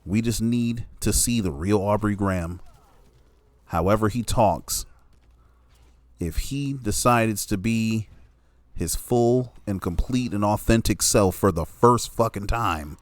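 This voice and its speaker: A man with a low voice gives an opinionated commentary monologue, blunt and full of profanity. He leans hard on his points and keeps checking in with the listener. The sound is dry and close, with no room echo. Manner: blunt, heavily profane, emphatic; peppers speech with "you know what I'm saying".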